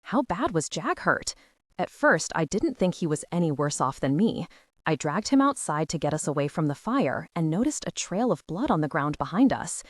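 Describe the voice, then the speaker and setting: A woman with a lowish voice narrates a first-person audiobook, her pitch rising and falling with feeling. The sound is close and very dry, with no room around it. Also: no echo.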